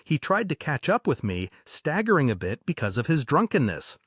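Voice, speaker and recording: Male horror narrator, husky, animated delivery, dry close mic. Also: a little high, normal speed, dry recording. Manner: lively, dramatic storytelling. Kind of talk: scripted horror story narration.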